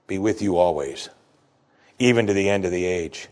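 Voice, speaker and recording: A male pastor preaching a sermon, moving between quiet, reflective asides and sudden loud exclamations. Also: on the low side, sing-song, normal speed.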